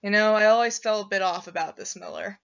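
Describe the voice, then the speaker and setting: A woman's voice: medium pitch, fast talker, gravelly, clear, resonant tone, close to an everyday voice. A woman voicing a friendly, laid-back male bear talking in casual slang, as a storyteller's quoted character, recorded with a dull lo-fi sound. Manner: casual slang, mulling things over.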